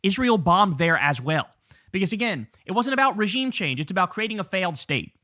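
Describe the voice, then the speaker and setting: A man's voice: high-pitched, big pitch swings, brisk, pushed and bright, dry recording, clean studio sound. A middle-aged man hosting a political commentary show, ranting with profanity and biting sarcasm.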